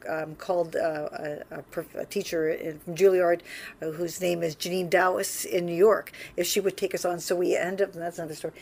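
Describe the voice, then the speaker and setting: A woman's voice: lowish voice, brisk, vocal fry. Laughing, chatty woman telling stories. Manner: lively, laughs often, many restarts. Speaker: pianist telling her story. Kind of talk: casual storytelling interview.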